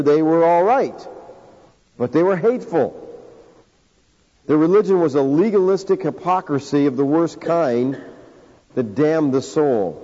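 A man preaching a sermon in an earnest, emphatic way, slowing down to stress key phrases. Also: on the high side, mellow. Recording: dull lo-fi sound with long hall reverb.

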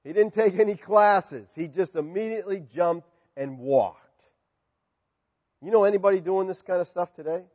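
A middle-aged man preaching a sermon, animated and swinging from loud declarations to hushed asides. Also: high-pitched, moderate pace, long reverb tail, muffled recording. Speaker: pastor.

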